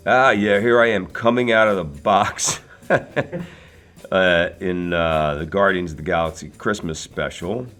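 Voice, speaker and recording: A man's voice: low voice, unhurried, fairly bright tone, soft background music. A man in his sixties from Philadelphia, an actor telling casual, rambling anecdotes with many fillers and laughs. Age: 60s. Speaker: actor guest.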